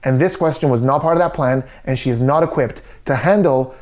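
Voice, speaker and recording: A man's voice: medium pitch, fairly quick, darkish tone. A man giving skeptical, methodical body language commentary. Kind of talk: analytical commentary.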